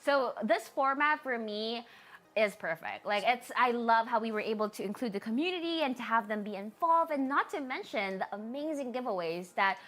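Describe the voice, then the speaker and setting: A woman's voice: on the high side, animated, normal speed, a bit bright. A woman co-hosting a gaming livestream, bubbly and giggly. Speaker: co-host.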